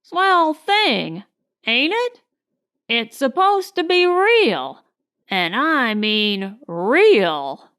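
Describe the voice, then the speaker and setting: A man's voice: very high-pitched, sing-song, extremely slow, pushed and bright, smooth, full character voice. A woman voicing a chatty, brash cab driver who talks in folksy slang. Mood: enthusiastic.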